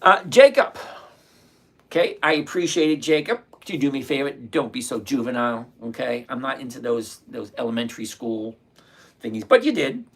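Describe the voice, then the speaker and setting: A man, hosting a casual trading livestream and chatting with viewers by name, relaxed and quick to laugh. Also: mid-range voice, husky. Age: 60s. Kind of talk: casual livestream chat reading viewer comments.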